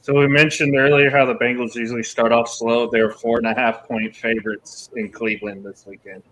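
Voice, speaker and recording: A man's voice: mid-range voice, level tone, a little fast, a bit bright, a little hiss or hum, poor audio. A man giving matter-of-fact takes in a casual sports chat.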